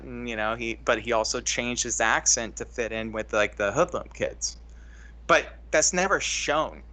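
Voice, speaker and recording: Guy rambling about a movie, bright clear voice, keeps restarting. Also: mid-range voice. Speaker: co-host. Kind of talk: casual film breakdown chat.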